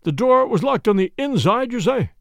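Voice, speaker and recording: Brisk country inspector, clipped and firm, as a male reader plays him; gravelly, lively delivery for an audiobook mystery. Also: very high-pitched, no room sound, studio quality, voice pushed up, exaggerated voice. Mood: brisk, probing. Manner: brisk and clipped, sharp questions. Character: brisk, businesslike male village police inspector.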